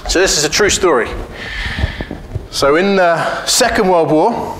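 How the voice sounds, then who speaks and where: A man's voice: fairly high pitch, measured pace, fairly bright tone, a little hiss or hum. A man giving a casual conference talk, blunt and joking, telling anecdotes and swearing freely. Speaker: conference speaker. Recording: echoey hall.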